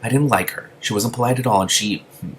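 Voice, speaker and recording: A thoughtful, gossipy dragon speaking in a mild, musing way, as a man reads it in a storybook. The voice is low underneath, with faint ambience behind. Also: fast talker, slight background noise, lightly acted, low-quality recording. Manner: musing, drops into a loud whisper.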